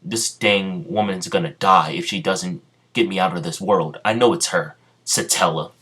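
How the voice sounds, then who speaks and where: An arrogant, menacing ninja warlord, as a man puts him on in a homemade spoken fan story. He talks bluntly in commands and threats, in a fairly low male voice. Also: moderate pace, sharp tone, slightly rough, heavily acted. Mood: threatening.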